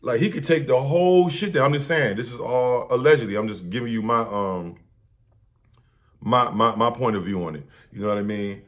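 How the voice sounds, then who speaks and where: A man hosting a reaction show, talking casually and rambling in loose slang and swearing. He stumbles and repeats himself as he thinks out loud, in a voice pitched right in the middle. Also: moderate pace. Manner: loose, slangy and profane, repeats and restarts often. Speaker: host.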